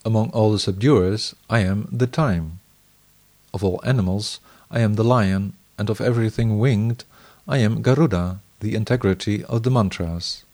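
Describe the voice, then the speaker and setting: A man reading scripture aloud in the first person, measured, in short phrases. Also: on the low side, a little mellow.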